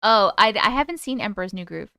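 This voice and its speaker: A woman hosting a live stream, reading viewer comments aloud and greeting people in a bubbly, chatty way with a high, squeaky voice. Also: lively intonation, fast talker, creaky, bright, forceful tone, clear, resonant tone, dry recording, clean studio sound. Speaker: host reading live chat. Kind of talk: casual live-stream chat.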